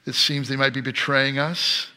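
A middle-aged man preaching a sermon as pastor, swinging between loud emphatic passages and soft quiet ones. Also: mid-range voice, level tone, normal speed.

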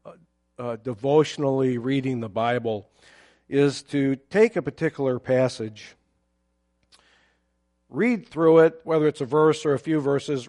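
A pastor preaching a sermon, explaining a Bible passage in a measured, teacherly way with occasional fillers. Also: male voice, medium pitch, a little mellow.

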